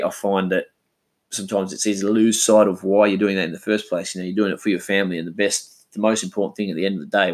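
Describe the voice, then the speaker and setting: An Australian man in his thirties talks at home into an omnidirectional mic, his voice sitting a little low. He rambles in a laid-back way, swears casually and keeps tossing in "man". It is an easygoing solo chat. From Western Australia.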